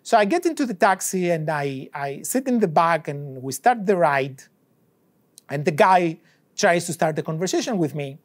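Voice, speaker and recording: A man's voice: on the high side, lively intonation, moderate pace. A male economics professor telling an anecdote during a university lecture, a non-native English speaker who acts out both sides of the dialogues as he goes. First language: not English.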